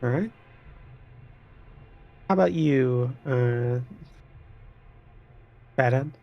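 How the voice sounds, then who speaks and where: A man running a tabletop role-playing game as game master, explaining things at length with relaxed restarts. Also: mid-range voice, extremely slow, dull audio.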